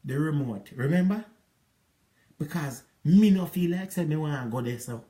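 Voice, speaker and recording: A man's voice: a little high, animated, moderate pace, warm tone. A man with a Jamaican accent, ranting at an ex-partner in a rambling, repetitive, scolding monologue. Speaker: relationship advice vlogger.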